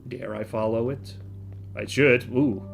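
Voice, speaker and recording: A man's voice: mid-range voice, steady tone, measured pace, gravelly, faint music behind. Chatty man thinking aloud over gameplay. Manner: chatty, thinks aloud, lots of fillers and self-corrections. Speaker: gaming video host. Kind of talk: casual let's-play commentary.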